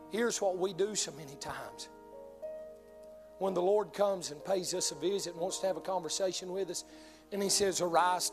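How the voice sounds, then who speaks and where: A man preaching a sermon with passion, quoting King James scripture. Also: high voice. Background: soft music.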